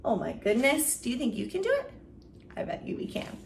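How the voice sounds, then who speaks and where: A woman's voice: fairly high pitch, wildly swooping pitch, fairly quick, gravelly. Bouncy woman doing kids yoga, silly sound effects, far off mic with a bit of background hiss. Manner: encouraging, playful, makes silly animal sounds. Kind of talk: guided children's yoga story time. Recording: roomy, from a distance, faint noise.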